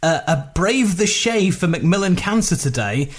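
A man's voice: high voice, big pitch swings, normal speed, slight background noise. A man co-hosting a podcast, chatty and teasing as he reads out listener messages. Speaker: podcast co-host. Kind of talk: casual chat.

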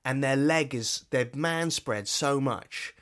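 A man's voice: mid-range voice, slow pace, a bit bright. A man co-hosting a comedy podcast, wry and mocking in casual chat. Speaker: podcast co-host.

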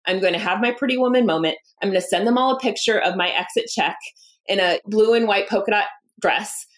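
A woman's voice: medium pitch, fairly quick. A woman in her thirties, a company founder, telling her story candidly in an interview, acting out quoted dialogue and laughing often. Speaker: founder and guest.

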